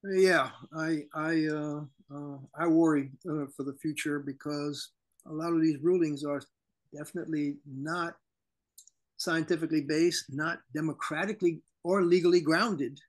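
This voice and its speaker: A man co-hosting a political talk show, his voice sitting a little higher than most men's. He delivers his commentary in an animated, indignant way. He is heard over a remote call link. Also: unhurried. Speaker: co-host.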